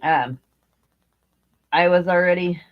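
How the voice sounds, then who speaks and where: A woman's voice: on the low side, takes it slowly, soft background music. A woman, older, chatting casually about her crochet as she works, rambling and thinking aloud with fillers. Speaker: crochet vlogger. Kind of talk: casual chat while crocheting. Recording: dull lo-fi home recording.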